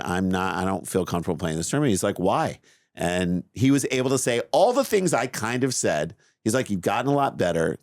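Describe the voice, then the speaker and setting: A middle-aged man co-hosting a podcast, telling a long story in a lively, self-mocking way. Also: on the low side, no echo, clean studio sound. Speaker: podcast co-host. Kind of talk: casual chat, storytelling.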